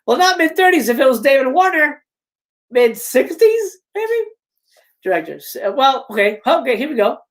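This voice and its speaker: A man hosting a live script reading, reading stage directions and breaking off for chatty, animated asides. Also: high voice. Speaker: host.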